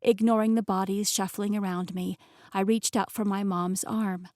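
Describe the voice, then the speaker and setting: A woman narrating a novel in the first person, telling the story in an expressive, emotionally engaged way. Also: mid-range voice, moderate pace, dry recording, studio quality. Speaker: audiobook narrator.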